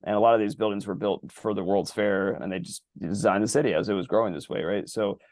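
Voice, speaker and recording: A man's voice: fairly low pitch, fairly even intonation, fast, darkish tone, no room sound, studio quality. A man co-hosting a podcast, talking casually in a rambling, profane, loose way. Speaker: podcast co-host.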